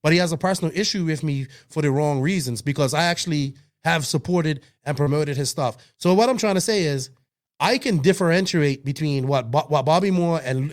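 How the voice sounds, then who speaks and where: A man with a fairly high-pitched voice talks a little fast while co-hosting a hobby podcast. The casual chat turns heated and emphatic, packed with swearing and restarts.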